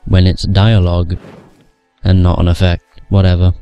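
A man's voice: low-pitched, monotone, normal speed, clean tone, no echo, muffled recording, faint music behind. A man casually commentating his gameplay, rambling and swearing, stumbling over words, with hiccups. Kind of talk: casual let's play commentary.

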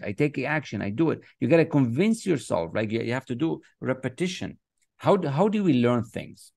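Leading an online motivational class, a success coach writes on the screen with a mouse and speaks in a warm, middle-pitched voice. He presses his points with emphasis and chants short affirmations repeatedly. The recording is dry and close.

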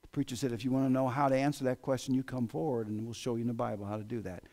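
A man preaching a sermon in a church, with an American accent, swinging between loud exclamations and hushed asides. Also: mid-range voice, level tone, very fast. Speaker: pastor. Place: church sanctuary.

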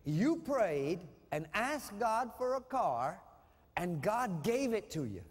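Male preacher, fiery call-and-response sermon, high pitch, hall reverb. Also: big pitch swings, takes it slowly. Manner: call-and-response preaching, swings from shouting to hushed. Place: church hall with a congregation.

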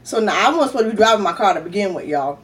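A middle-aged woman vlogger telling a story in a chatty, animated way and often calling out to her viewers. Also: mid-range voice, very fast, distant mic. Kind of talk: casual storytelling.

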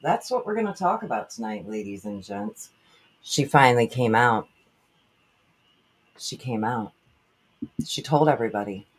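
A woman hosting a livestream, excited, giggly and out of breath as she greets her chat. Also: very deep voice, measured pace, long pauses, slightly rough. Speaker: livestream host.

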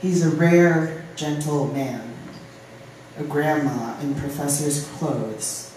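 Poet from ohio reading at an open mic, mellow voice, faint room hum behind. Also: mid-range voice, slow pace. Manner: reads poems, chats with fillers between them. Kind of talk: live poetry reading. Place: live venue room. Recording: very echoey room from a distance.

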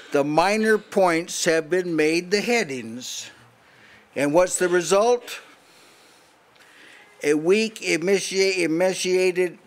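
An older man preaches in a house church meeting, pressing his points hard and challenging his listeners. His voice sits a little high for a man, and he often breaks off and restarts his sentences as he drives home each point. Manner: emphatic, challenging, with frequent restarts. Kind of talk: sermon.

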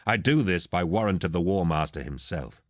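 A man's voice: sits low, lively intonation, normal speed, no echo, clean studio sound. A man voicing a brash, mocking warrior captain who barks orders and taunts a rival. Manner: cocky, sarcastic, commanding.

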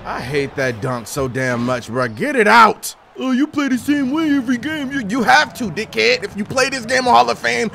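A young man giving loud, excitable gameplay commentary, trash-talking and shouting at the game, his voice wearing out. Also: high-pitched, vocal fry, slight background noise. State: losing his voice. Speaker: gaming YouTuber.

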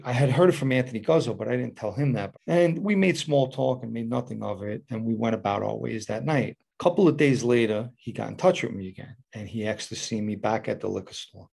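A man's voice: medium pitch, a little fast, gravelly, few pauses, a little mellow, husky. A man recounting a personal story in a casual, matter-of-fact, street-talk manner. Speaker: former mob associate telling a story.

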